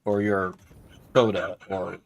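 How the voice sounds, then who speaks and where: A man hosting a gaming stream, easygoing and quick to laugh at himself. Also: low voice, little pitch movement, creaky. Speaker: streamer host. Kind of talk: casual stream banter.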